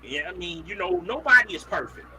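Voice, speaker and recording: Animated preachy man, crowd behind. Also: sits high, brisk, creaky. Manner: animated, preachy, breaks points down. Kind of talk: casual radio talk show chat.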